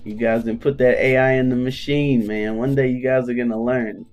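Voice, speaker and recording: A man's voice: mid-range voice, normal speed, soft background music. Laughing man telling stories on stream. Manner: animated storyteller, acts out voices, laughs often. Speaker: game developer streamer. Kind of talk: casual stream chat.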